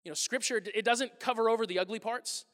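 Male pastor, animated storyteller, high voice, recorded in a reverberant church hall. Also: quick pace. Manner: animated storytelling, acting out exchanges with loud bursts. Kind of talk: sermon. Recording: long reverb of a large hall.

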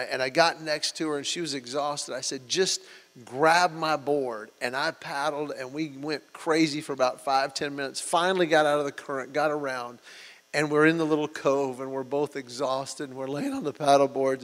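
Guy preaching a sermon, kinda high voice, tells stories and does the voices, big echoey hall with a hum underneath. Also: normal speed. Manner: storytelling, with lively acted-out quotes. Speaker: pastor. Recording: hall reverb and mains hum.

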